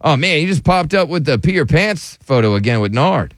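A man's voice: fairly high pitch, big pitch swings, a little fast, no room sound, clean studio sound. A man hosting a radio show, chatting casually with a co-host and laughing often. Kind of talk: casual morning show banter.

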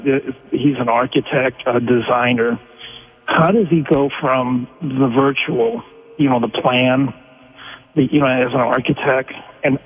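A man calling in to a radio show, halting and searching for words as he asks a question. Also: mid-range voice, slightly rough. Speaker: caller. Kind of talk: radio call-in talk. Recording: tinny phone line with long reverb.

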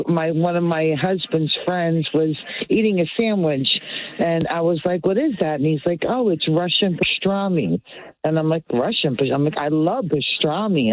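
Chatty woman telling a rambling story on morning radio, sounds tinny like a phone. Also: low voice. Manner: chatty, rambling, many "I'm like"s. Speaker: radio co-host. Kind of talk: casual storytelling on air.

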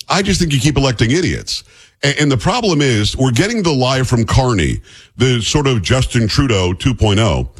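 A husky male radio host with a plain Midwestern broadcast accent, talking in a loose, jokey, opinionated way. His pitch swings widely as he riffs. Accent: neutral Midwestern radio. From New York. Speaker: radio talk show host. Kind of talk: casual radio talk.

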